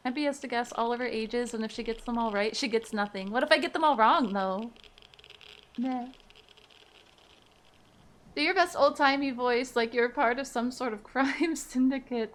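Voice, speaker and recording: A woman in her thirties casually chatting with viewers on a live stream, laughing easily and reading their messages aloud. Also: on the high side. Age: 30s.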